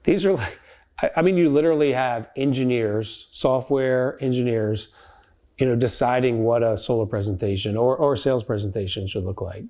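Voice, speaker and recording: A man's voice: mid-range voice, moderate pace, a little mellow. A middle-aged man, a company founder, talking casually as a podcast guest and often tagging his points with "right?". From United States. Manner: conversational, tag questions, fillers like "right?" and "like".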